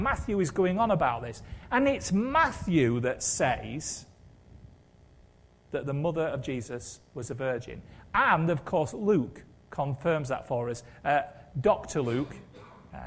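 A man's voice: on the high side, husky. A man preaching a sermon in a conversational way, with wry humour and rhetorical questions.

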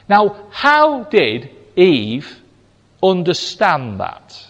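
A man delivers a sermon at an unhurried, deliberate pace. His voice sits fairly high for a man and swings widely in pitch as he acts out quoted lines. A long hall reverb trails each phrase. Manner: slow and emphatic, voicing quotes with animated pitch swings. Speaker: preacher.

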